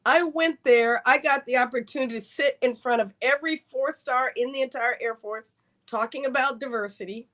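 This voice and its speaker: A high-voiced woman speaking at normal speed, a retired Air Force colonel, is a podcast guest sharing a long account of her career. She tells it with animation, voicing the different people and their dialogue.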